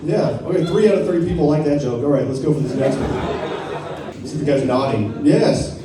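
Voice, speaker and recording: A man's voice: fairly high pitch, normal speed. A male stand-up comedian joking with the crowd in a wry, self-mocking way. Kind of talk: stand-up set. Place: comedy club stage. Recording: echoey club from far off with noise.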